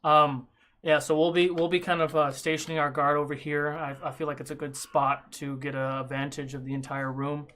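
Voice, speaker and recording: A man's voice: on the high side, level tone, a bit bright, close to an everyday voice. A man voicing a watchful guard captain. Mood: earnest. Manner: halting, with fillers. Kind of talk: narrating a tabletop game character.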